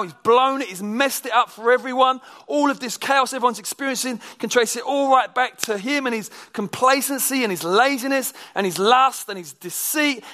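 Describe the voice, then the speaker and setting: A male preacher delivering a sermon, moving between animated emphasis and quiet, almost whispered intensity. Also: extremely high pitch. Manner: shifts from animated to hushed, near-whispered intensity.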